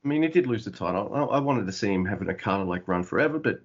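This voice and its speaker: Husky-voiced male podcast co-host. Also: lowish voice, animated, racing, lo-fi sound. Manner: rambling, with restarts and swearing. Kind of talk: casual chat.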